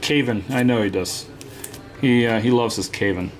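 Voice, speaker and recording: A man's voice: mid-range voice, normal speed, a little hiss or hum. A man hosting a live card break, chatting casually and teasing viewers, with lots of "uh" fillers. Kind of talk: casual live-stream chat.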